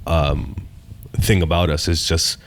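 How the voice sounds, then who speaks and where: A man with a very low, deep voice, chatting casually on a podcast. He tells stories loosely and profanely, with plenty of animated energy as he talks. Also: slow. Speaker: stand-up comedian, podcast guest.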